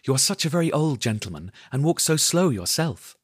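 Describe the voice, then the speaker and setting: A man voicing a frightened lost little girl with a soft, sweet, timid voice, in dry close sound. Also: a little high, very animated, a little fast, breathy edge, no echo, pitched above the performer's own voice.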